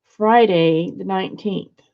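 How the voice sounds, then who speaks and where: Working away in her home studio, this crafting channel host chats casually and mutters and whispers to herself. She speaks slowly in a mid-range voice, and the recording has its highs cut off.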